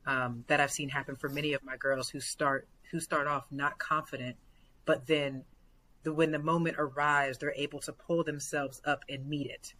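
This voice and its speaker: A woman basketball coach talking earnestly as a podcast guest, full of fillers and growing excitement. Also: low voice, moderate pace, slight background noise, rough recording. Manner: earnest, many fillers, builds to excited retellings.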